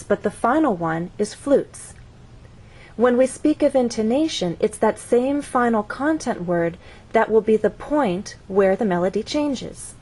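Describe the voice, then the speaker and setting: A woman teaching an English pronunciation lesson, speaking clearly and deliberately. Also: medium pitch, a little mellow, rough recording. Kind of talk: scripted lesson narration.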